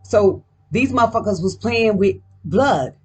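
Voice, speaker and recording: A woman's voice: mid-range voice, lively intonation, a little slow, husky. A woman doing a casual card reading at home, talking in a profane, emphatic, rambling way. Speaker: card reader.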